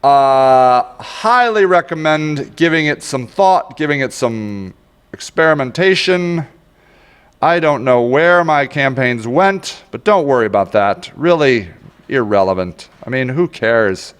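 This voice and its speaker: A man's voice: medium pitch, animated, unhurried, a bit bright, clean tone, long reverb tail. A man giving a casual, rambling screen-share tutorial on social media marketing, joking at his own expense and grumbling when the tool won't cooperate. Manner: rambling, self-mocking, easily frustrated.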